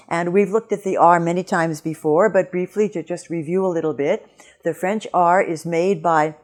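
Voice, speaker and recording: Woman, pronunciation teacher, patient step-by-step explanations, slightly low voice, soft music behind. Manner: clear, patient explanations with modeled example words. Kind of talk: online pronunciation lesson.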